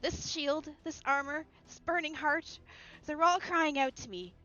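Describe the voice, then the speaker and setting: A woman's voice: high-pitched, unhurried, pushed and bright, lo-fi sound, soft background music, voice pushed up. A woman voicing an earnest, righteous young woman knight who declaims with passion. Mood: impassioned. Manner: impassioned, declaiming.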